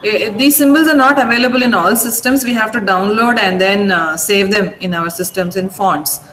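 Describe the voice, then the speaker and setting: A middle-aged woman with an Indian English accent teaching pronunciation online, patiently repeating words slowly over a video call. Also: medium pitch, fairly bright tone, a little hiss or hum, low-quality recording. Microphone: computer mic on a video call.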